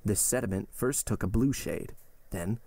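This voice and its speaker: Low, gravelly male narrator. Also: no room sound. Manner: steady, measured reading. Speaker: podcast host reading a novel aloud. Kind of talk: audiobook-style narration.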